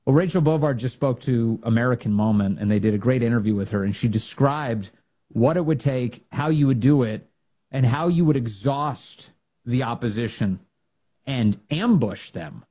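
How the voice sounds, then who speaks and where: A man's voice: lively intonation, moderate pace. A man hosting a political talk show, delivering commentary in an emphatic, rallying way. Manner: emphatic, rallying, swings to loud high bursts.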